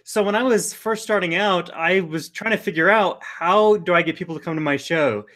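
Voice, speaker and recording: A man's voice: sits high, moderate pace, fairly bright tone. A man telling a story about his early days starting out as a performer.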